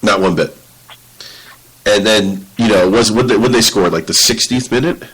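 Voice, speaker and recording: A man with a slightly husky, low-set voice hosts a casual podcast chat. He talks excitably, swears freely and acts out his own reactions as he tells a story. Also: normal speed, poor audio. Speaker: podcast host.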